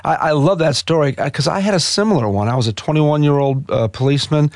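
A man co-hosts a radio talk show, calm and reflective as he speaks. His voice is gravelly with vocal fry. The sound is dry and close. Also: on the high side, fast talker, dry recording.

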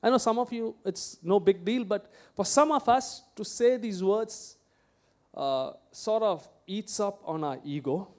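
Man, pastor, sermon, high voice, conversational, asks questions, personal anecdotes. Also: a little slow, a little mellow.

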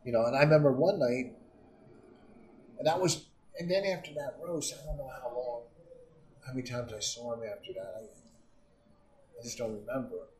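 A middle-aged man telling stories in casual talk, profane and animated. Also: mid-range voice, normal speed, long pauses, echoey room, far from the mic, poor audio. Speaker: comedian guest. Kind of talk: casual storytelling.

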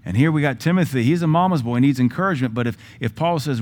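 A man's voice: mid-range voice, quick pace, a little mellow. Blunt sarcastic Southern preacher man. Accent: Southern American. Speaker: pastor. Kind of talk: sermon.

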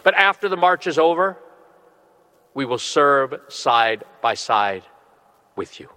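Bright-voiced bishop preaching in a reverberant hall. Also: male voice, mid-range voice, very animated. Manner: earnest preaching with slow, emphatic phrasing. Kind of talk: sermon. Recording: long reverb of a large hall.

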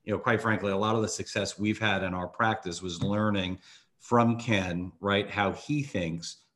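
Low-voiced host asking rambling questions. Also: male voice, steady tone, normal speed, a bit bright. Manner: rambling questions full of "you know" and restarts. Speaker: financial advisor, podcast host. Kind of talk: interview questions.

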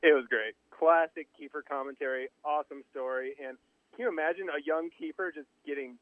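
A man's voice: on the high side, a little fast, a bit bright, no room sound, poor audio. Man chiming in with short reactions. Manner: short, enthusiastic remarks. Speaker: podcast guest. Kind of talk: casual podcast chat.

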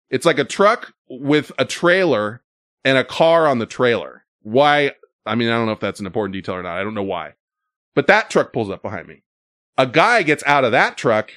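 Guy telling a story all animated, cussing a lot, dry close sound. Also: on the high side, dry recording. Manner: animated, swearing, lots of fillers. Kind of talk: casual storytelling.

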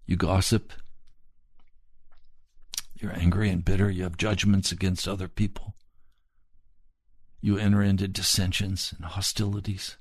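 A man preaching a sermon, earnest and pleading, speaking slowly and deliberately. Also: low-pitched, little pitch movement, slightly rough, dry recording, clean studio sound.

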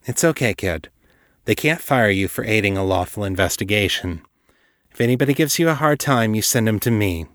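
A man's voice: lowish voice, expressive, brisk, fairly bright tone, no room sound, studio quality. A man voicing a woman investigator who speaks in a firm, purposeful way, raising his voice to play her. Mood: reassuring.

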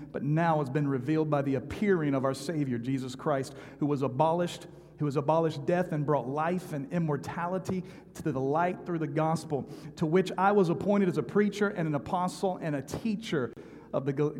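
A male preacher with a fairly high voice, moving between scripture, prayer and lively personal stories. He talks in a conversational, animated way and often repeats himself. His voice carries the long reverb of a large hall. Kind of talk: sermon with storytelling.

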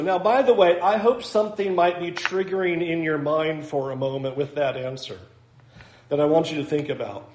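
A man's voice: a little high, moderate pace, darkish tone, reverberant. A man preaching a sermon in a conversational, self-deprecating way, acting out little asides. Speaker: pastor.

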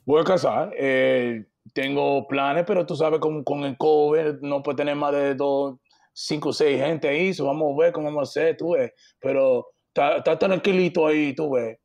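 Dude doing a chill dominican player type, thick dominican accent, slow loose talk. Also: male voice, fairly high pitch, steady tone, gravelly, darkish tone. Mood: easygoing. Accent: Dominican Spanish. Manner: broken Spanish, easygoing, drawn-out fillers. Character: laid-back Dominican playboy man, young adult.

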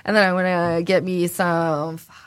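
A woman's voice: lowish voice, level tone, normal speed, no echo. A woman from New York speaking candidly in a casual interview, laughing often and swearing freely. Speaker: podcast guest.

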